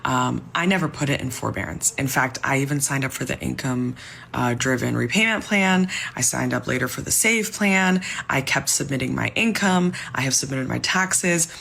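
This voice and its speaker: Low, gravelly young woman venting. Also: normal speed, fairly bright tone, slight background noise. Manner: frustrated, explaining at length, sometimes whispering. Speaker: civil servant telling her story. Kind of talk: personal testimony video.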